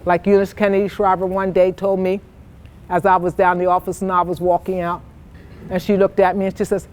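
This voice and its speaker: A woman's voice: lowish voice, steady tone, normal speed, darkish tone. Woman, inspirational speech to students, emphatic and repetitive, acts out quoted voices. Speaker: motivational speaker. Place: office headquarters in Boston.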